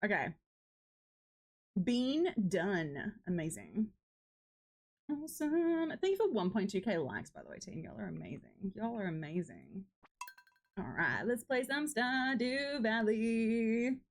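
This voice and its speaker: A young woman on a live game stream, her fairly high voice rising and falling a lot as she chats along. She is warm-spoken and affectionate with her viewers, easygoing and casual into a desk mic. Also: big pitch swings, takes it slowly, long pauses, faint music behind, low-quality recording. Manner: chatty and affectionate, greets viewers as "lovely" and "darling".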